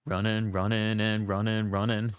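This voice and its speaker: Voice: medium pitch, level tone, moderate pace, clear, resonant tone, no echo. A game streamer chatting casually and jokingly while reading dialogue aloud. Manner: playful, joking, laughs often.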